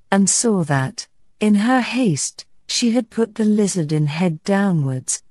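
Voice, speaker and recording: A woman narrating a classic storybook in a measured, clear reading style. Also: lowish voice, dark tone, dry recording. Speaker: audiobook narrator.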